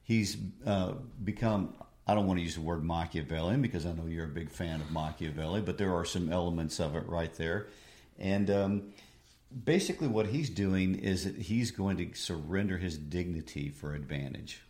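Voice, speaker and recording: A man teaching literature, explaining a play in a measured way. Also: low voice, a little mellow. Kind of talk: discussion of a play. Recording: echoey room.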